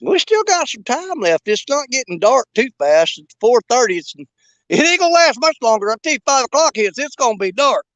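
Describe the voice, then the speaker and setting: Older fishing host: high, lively voice with a bouncy pitch, joking and rambling with live viewers, laughing often. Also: male voice, a little fast, no echo. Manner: jokey and rambling, laughs a lot. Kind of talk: casual live-stream chat. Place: outdoors at a creek.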